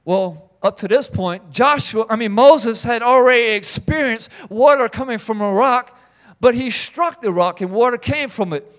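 Male pastor, middle-aged, high voice, animated sermon delivery. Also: normal speed. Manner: animated, acts out biblical figures in quoted voices.

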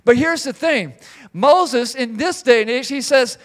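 A middle-aged male pastor preaching a sermon in an animated way. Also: extremely high pitch, measured pace. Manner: animated, acts out biblical figures in quoted voices.

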